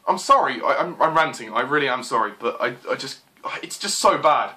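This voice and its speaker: Young guy ranting hard about a bad movie, bright forceful voice, kinda high, faint hiss behind. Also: very animated, quick pace. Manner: frustrated, exclaiming, swears, apologizes. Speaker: movie reviewer. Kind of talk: exasperated movie rant.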